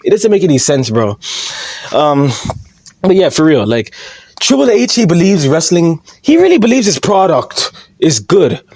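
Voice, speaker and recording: A man's voice: a little high, big pitch swings, moderate pace, darkish tone, no room sound. A man ranting in a vlog monologue, mocking and swearing, laughing at his own jokes and often asking "all right?". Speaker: wrestling commentary YouTuber.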